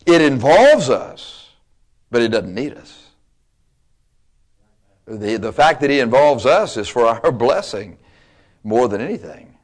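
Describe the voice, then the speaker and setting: A man's voice: medium pitch, sing-song, takes it slowly, long pauses. A man preaching a sermon, emphatic and dynamic, with playful asides to the congregation. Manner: emphatic, swings between loud and quiet, playful asides.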